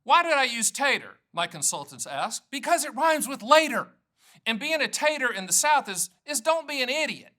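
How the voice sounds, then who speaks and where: A man's voice: very high-pitched, sing-song, moderate pace, sharp tone. A man in his sixties from North Carolina, an annuity agent talking to camera in a folksy, joking sales patter. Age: 60s. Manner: folksy, jokey salesman patter with self-promotion. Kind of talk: direct-to-camera explainer.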